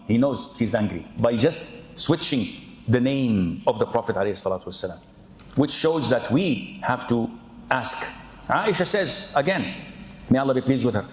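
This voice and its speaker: Animated preacher man in an echoey hall. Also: mid-range voice, moderate pace. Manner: animated, mimics people, peppers speech with 'yani'. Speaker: Islamic preacher. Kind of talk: lively sermon with humorous asides.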